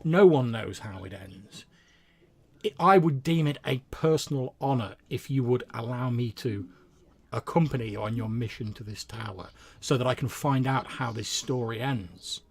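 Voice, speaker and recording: Gravelly-voiced wandering bard, flowery and stammering, eager for tales; a man voices him. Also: mid-range voice, normal speed.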